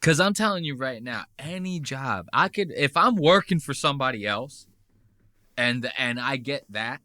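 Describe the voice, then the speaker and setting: Guy hosting a podcast, rambly and crude, lots of "like", bright forceful tone. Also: medium pitch, expressive, normal speed, no room sound, clean studio sound. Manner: rambling, profane, heavy with "like". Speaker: podcast host. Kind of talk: casual commentary on clips.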